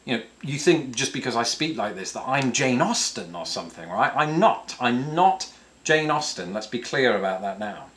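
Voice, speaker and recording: A British man in his thirties chats to camera in a casual Q&A, voice sitting at an ordinary middle pitch. He jokes in a dry, self-mocking way, slipping in puns. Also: animated, moderate pace, few pauses, a bit bright. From England. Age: 30s. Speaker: YouTube host answering viewer questions.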